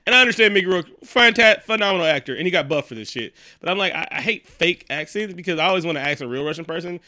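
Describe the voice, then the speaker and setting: A man's voice: high voice, quick pace, dry recording, clean studio sound. A man casually recapping a movie, joking and swearing freely as he tells the story. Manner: profane, joking, animated storytelling.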